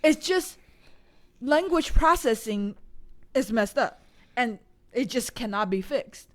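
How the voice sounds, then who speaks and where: High-voiced young woman co-host. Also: expressive, slow pace. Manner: hesitant, restarts while searching for words. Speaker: podcast co-host. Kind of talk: casual chat.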